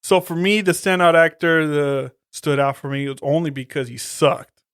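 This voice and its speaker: Smooth-voiced, profane man reviewing movies. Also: on the high side, normal speed, fairly bright tone, no echo, clean studio sound. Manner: profane, slangy, laid-back. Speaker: podcast host. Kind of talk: casual movie review chat.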